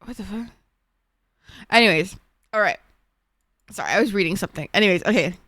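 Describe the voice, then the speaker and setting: A young woman streamer chatting casually with viewers, excitable and swearing, laughing often. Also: mid-range voice, brisk, no echo. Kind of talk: casual gaming stream chat.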